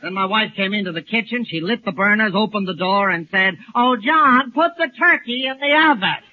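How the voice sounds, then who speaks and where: An actor playing a gloomy, henpecked middle-aged lodge president who grumbles in mournful wisecracks, in 1940s radio sitcom style. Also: male voice, sits high, moderate pace. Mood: glum. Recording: tinny old radio broadcast, loud hiss, studio audience.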